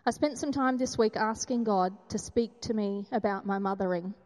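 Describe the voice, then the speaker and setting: A woman's voice: medium pitch, moderate pace, a little mellow, long reverb tail. A woman in her thirties giving a candid, self-deprecating personal testimony at a church gathering.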